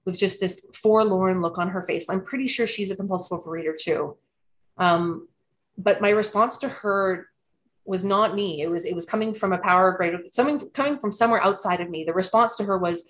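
A woman's voice: on the low side, moderate pace. Earnest woman sharing her recovery. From Canada. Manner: earnest and reflective, with frequent restarts. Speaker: recovery program member sharing her story. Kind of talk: personal recovery testimony.

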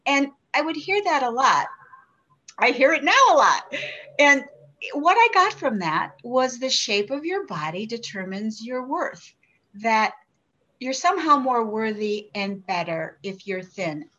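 A woman's voice: a little high, expressive, a little slow, bright, forceful tone. A woman in her sixties giving an earnest, reflective personal share at a recovery meeting. She often restarts and asks herself questions. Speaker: member sharing at a recovery meeting. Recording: dull lo-fi recording.

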